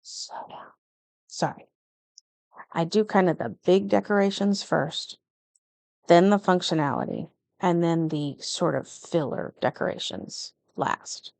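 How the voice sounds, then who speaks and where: A middle-aged planner vlogger chats through a plan-with-me session at a measured pace, her fairly low voice creaky and darkish. She seems a little nervous and keeps correcting herself, and the recording is dry.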